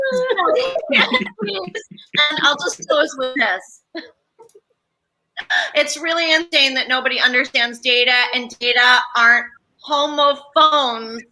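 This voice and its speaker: A woman's voice: sits high, measured pace, sharp tone, low-quality recording. A woman comedian giving a brash, crude mock-debate rant.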